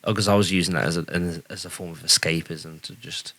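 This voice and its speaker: Low-voiced man, casual podcast chat. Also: steady tone, fast, sharp tone, husky, no room sound. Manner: chatty, joking, self-deprecating. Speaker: podcast host.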